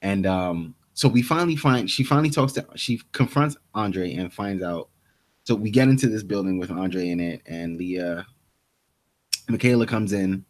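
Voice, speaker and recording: A man's voice: low voice, moderate pace. A young man co-hosting a podcast, casually retelling TV scenes and acting out the characters' lines with many restarts. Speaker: podcast co-host. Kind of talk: casual TV recap chat.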